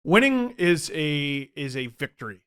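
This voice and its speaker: A man on a sports podcast, curious and questioning, with a slightly high voice that moves up and down a lot. He asks plain questions as an outsider. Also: big pitch swings, unhurried, a bit bright, smooth. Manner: curious, asking naive questions. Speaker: podcast co-host. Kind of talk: casual sports chat.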